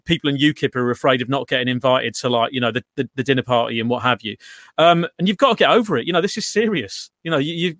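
A man speaking as a guest on a livestream panel chat, rapid and emphatic with many fillers. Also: medium pitch, fairly bright tone, no echo, studio quality.

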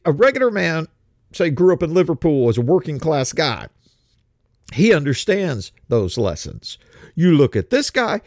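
A man from America talks through a casual commentary, often stumbling and repeating words before pushing on. His delivery swings up and down in pitch with a gravelly rasp. The sound is dry and close, with no room echo. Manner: halting, repeats words, restarts phrases. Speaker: political commentator.

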